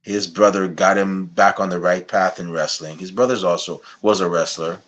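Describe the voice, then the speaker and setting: A man from Guyana hosting an interview podcast, chatting casually and getting animated as he jokes around. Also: deep voice, normal speed. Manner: animated, laughing while putting on a playful accent. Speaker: podcast host.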